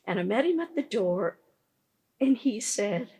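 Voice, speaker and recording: A woman's voice: mid-range voice, expressive, measured pace, dark tone, husky. A woman, founder of a pet business, telling stories earnestly in a conversational interview, with frequent restarts.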